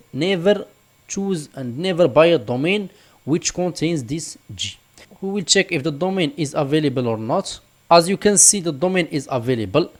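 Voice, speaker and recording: Man, screen tutorial walkthrough, slightly high voice, repeats examples. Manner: explanatory, repeats "for example" and "just like this". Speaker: online tutorial instructor.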